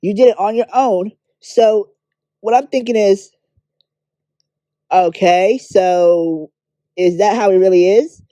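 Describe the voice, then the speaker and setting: Woman, casual vlog commentary, blunt and candid, swears freely, warm dark tone, dry sound. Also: mid-range voice, slow pace, long pauses, dry recording, muffled recording. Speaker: beauty drama commentator.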